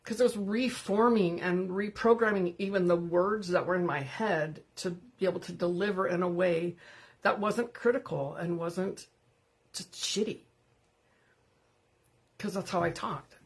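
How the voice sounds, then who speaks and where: A woman's voice: lowish voice, normal speed. A woman hosting an unscripted live stream, talking candidly and greeting viewers by name as she goes. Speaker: livestream host.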